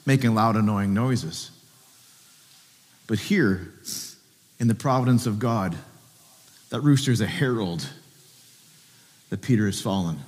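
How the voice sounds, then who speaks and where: A man's voice: mid-range voice, a little mellow, long reverb tail. A pastor preaching a sermon at a church service, earnestly asking his listeners direct questions.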